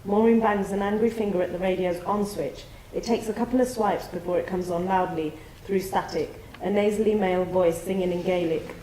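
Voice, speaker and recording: Mellow-voiced woman reading stage directions. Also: medium pitch, steady tone, brisk, hardly any pauses, reverberant, slight background noise, poor audio. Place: theatre studio.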